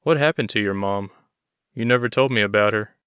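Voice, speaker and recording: A man's voice: on the low side, fairly quick, fairly bright tone, smooth, no echo, studio quality, lightly acted. A man voicing a friendly, protective young man living on the streets, easygoing but a bit nervous. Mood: curious.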